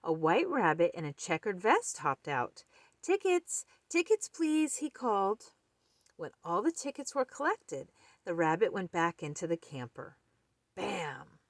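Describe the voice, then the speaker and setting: A woman reading a children's picture book aloud, slow and expressive. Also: fairly low pitch, no echo. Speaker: storyteller.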